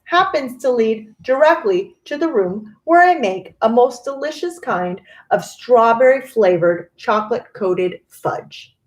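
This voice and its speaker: A woman's voice: a little high, expressive, measured pace, hardly any pauses, echoey room. A woman voicing an eccentric, theatrical male chocolate maker with breezy reassurance. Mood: whimsical.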